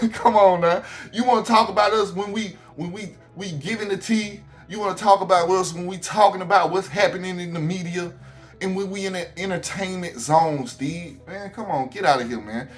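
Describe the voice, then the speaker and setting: Alabama guy ranting on his vlog, kinda high voice, lil music playing under it. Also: normal speed. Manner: animated, repetitive, addresses the subject directly. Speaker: YouTube commentator.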